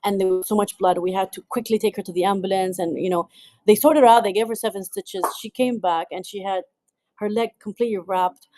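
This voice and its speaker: A woman from the United Arab Emirates talks about her filmmaking in a lively interview. She restarts her sentences often and laughs easily. Her voice sits at a middle pitch and is recorded dry, with almost no room sound. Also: brisk, no echo. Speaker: film director. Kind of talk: interview answers.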